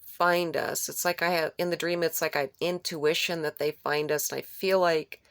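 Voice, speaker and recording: A woman's voice: low voice, fairly even intonation, normal speed, fairly bright tone, smooth, no room sound, clean studio sound. A woman recounting a dream in an unscripted way, rambling and repeating phrases for emphasis. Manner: rambling, with restarts and searching for words. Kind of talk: unscripted personal retelling of a dream.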